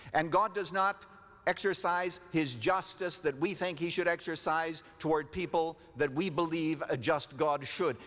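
A man preaching a sermon as pastor, emphatic, repeating his key phrases and rising in pitch to stress a point. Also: fairly bright tone. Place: church sanctuary. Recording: long reverb of a church hall.

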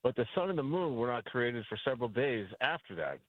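A man's voice: medium pitch, very animated, fairly quick, dry recording. A man calling into a radio show, politely asking a question and reading out scripture over a phone line. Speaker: caller. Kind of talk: call-in question.

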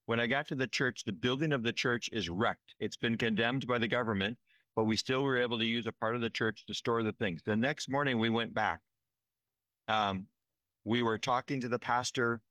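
A man's voice: medium pitch, normal speed, pushed and bright, no room sound. A man telling of relief work in an earnest, emotional way, often checking in with "right?". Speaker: disaster relief worker. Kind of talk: conversational field report.

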